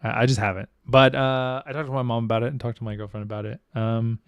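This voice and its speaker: A man's voice: medium pitch, little pitch movement, fast talker, smooth, dry recording, dull audio. Candid, swearing podcast host man. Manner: candid, swears freely, reflective. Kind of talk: casual chat.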